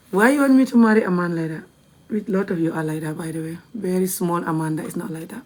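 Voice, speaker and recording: A woman's voice: lowish voice, brisk. A young woman with a Gambian accent chatting bluntly on a live video, laughing often and dropping to a whisper at times. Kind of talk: casual live-stream chat.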